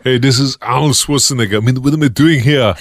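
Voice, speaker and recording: A man's voice: medium pitch, a little fast, no echo, clean studio sound, voice pushed up, natural voice. A man doing an impression of a famous action star, exclaiming in amazement. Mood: amazed. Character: famous Austrian-born action star, cheerfully bewildered.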